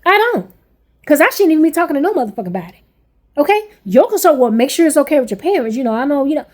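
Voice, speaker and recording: Woman, 40s, high-pitched, furious parent venting to camera; blunt, profane, repetitive. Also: big pitch swings, fast talker, darkish tone. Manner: blunt, heavy swearing, repeats herself. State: angry. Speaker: parent vlogger.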